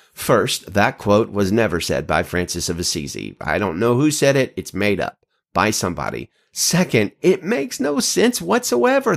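A man teaching a Bible passage in an earnest, animated way, with a brief joke. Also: medium pitch. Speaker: pastor.

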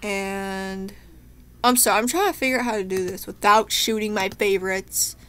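This young woman's let's play commentary is chatty and emotional, addressed to herself as she plays, and she is shaken to tears. Her medium-pitched voice has a sharp tone and a normal speed.

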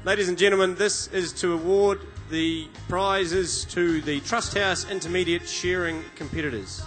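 Bright-voiced New prizegiving MC man. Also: high-pitched, unhurried, soft background music. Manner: friendly, formal announcing with banter. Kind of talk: live prizegiving announcing.

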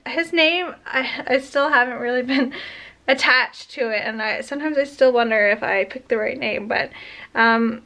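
A woman vlogging in a casual, rambling way, with many hesitations, who turns to cooing at her puppy. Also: sharp tone. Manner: rambling, hesitant, full of ums; coos in a high voice at her puppy. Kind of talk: casual chat to camera.

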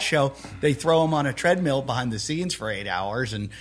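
A male podcast host with a husky, mid-pitched voice. He speaks bluntly and airs strong opinions, swearing freely as he talks. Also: animated, fairly quick, hardly any pauses, fairly bright tone. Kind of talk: casual podcast chat.

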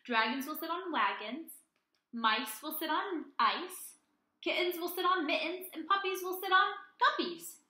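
A woman's voice: very high-pitched, animated, measured pace, bright, forceful tone, roomy sound, exaggerated voice. A woman reading aloud as a boastful frog, rhyming in a sing-song way. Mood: playful. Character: cheerful boastful frog, rhyming know-it-all.

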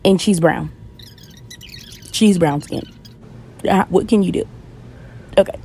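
A woman's voice: on the low side, slow pace, warm tone, a little hiss or hum. A young adult woman giving a chatty, self-mocking voice-over. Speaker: co-host. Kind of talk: casual voice-over.

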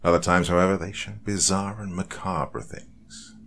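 A man hosting a horror podcast, narrating a story in a measured, dark storytelling manner. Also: deep voice, fairly even intonation, slight background noise.

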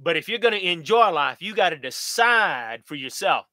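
A man's voice: sits high, big pitch swings, moderate pace, few pauses, pushed and bright, no room sound. A middle-aged American man, hosting a live Q&A stream in a folksy, upbeat way, talking straight to his viewers. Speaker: channel host.

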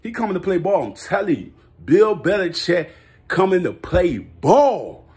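A man vlogging a hyped, slangy football rant, laughing and repeating himself in his excitement. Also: high-pitched, a little slow. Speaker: sports vlogger.

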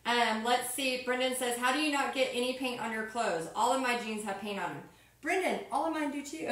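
A woman's voice: a little high, fairly bright tone, far from the mic. Chatty upbeat Texan woman in echoey studio. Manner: chatty, upbeat, reads viewer comments aloud. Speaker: host of a live painting stream. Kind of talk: casual live-stream chat. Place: home art studio. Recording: roomy echo, voice a bit off-mic.

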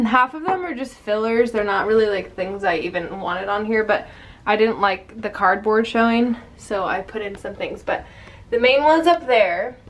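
A woman's voice: medium pitch, expressive, moderate pace. A young woman chatting casually to camera at home, rambling with lots of "like" fillers. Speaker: vlogger. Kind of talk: casual chat.

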